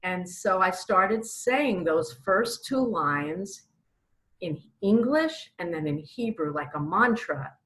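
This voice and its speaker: A middle-aged woman from Brooklyn, New York, gives a personal testimony, earnestly recounting her own faith story as an author and acting out the pleas she once made. Her voice is lowish and a bit bright, with lively intonation and a slow pace. The recording quality is low.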